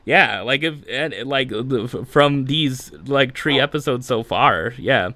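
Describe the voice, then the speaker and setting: A man's voice: mid-range voice, slow, bright, forceful tone, no room sound. A man hosting a podcast, talking casually on his own and rambling with lots of fillers and laughs. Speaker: podcast host. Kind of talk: casual solo chat.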